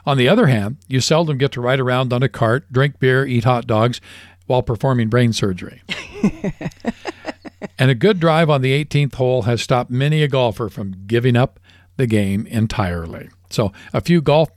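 A man's voice: mid-range voice, moderate pace, no echo, studio quality. A man co-hosting a radio program, reading a patriotic poem and golf one-liners. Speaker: radio co-host.

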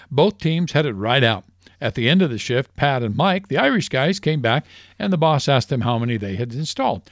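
A man co-hosting a small radio show, reading sponsor spots and telling folksy jokes. His pitch swings widely as he builds to each punchline, and the studio sound is close and dry. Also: normal speed, no echo. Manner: lively storyteller, chuckles at his own punchlines.

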